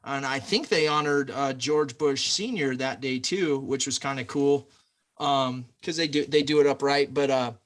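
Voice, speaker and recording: A man's voice: medium pitch, normal speed, fairly bright tone. A man, a podcast guest from the United States, telling a long rambling anecdote in casual chat, loose and full of fillers.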